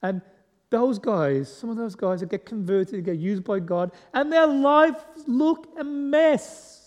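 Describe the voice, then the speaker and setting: A man's voice: very high-pitched, expressive, takes it slowly, a little mellow. A man preaching as a guest speaker in a chatty way, asking the congregation questions and joking at his own expense. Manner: conversational, asks the congregation questions, self-deprecating humour. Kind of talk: sermon. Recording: long echo of a large hall.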